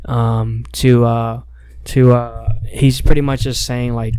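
A young man chats loosely and tells a long story, slipping into the voices of the people in it. His voice is smooth and clear and sits at an ordinary pitch. The sound is dry and close to the mic. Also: flat delivery, takes it slowly, mellow, no echo. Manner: loose, rambling storyteller who acts out quotes. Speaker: stand-up comic. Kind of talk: casual storytelling chat.

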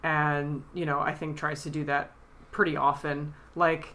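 A woman co-hosting a podcast chats casually in a low yet bright, ringing voice at a measured pace. Tearful and animated, she retells scenes and slips into high, squeaky impressions of the characters.

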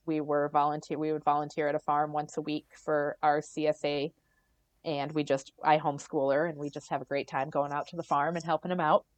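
Lively middle-aged woman telling a story. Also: deep voice, a little fast, no echo. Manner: animated storyteller, acts out quoted voices, laughs often. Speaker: podcast guest. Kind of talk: casual storytelling interview.

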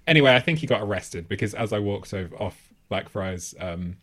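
Brief: thirties bloke, podcast co-host, animated swings in pitch, rambling self-mocking anecdotes, swears freely. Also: male voice, brisk. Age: 30s. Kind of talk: casual comedic storytelling.

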